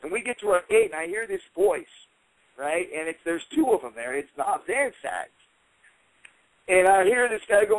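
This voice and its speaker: A man with a fairly high voice tells a story in an interview, acting out the quotes with rising heat. The sound is dry and close, with no room echo. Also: moderate pace. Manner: animated, heated retelling with acted-out quotes. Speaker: interview guest, former fighter.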